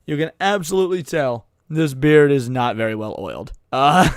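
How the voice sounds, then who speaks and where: A man's voice: fairly high pitch, lively intonation, moderate pace, dry recording, studio quality. A man co-hosting a late-night stream, joking around and reading chat messages aloud with frequent stammered restarts. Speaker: VTuber co-host.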